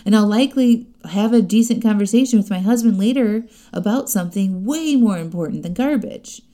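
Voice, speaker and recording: A woman's voice: mid-range voice, brisk, dark tone. A middle-aged woman coaching her listeners in a chatty, direct way, often laughing as she talks. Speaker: life coach. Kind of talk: podcast-style coaching talk.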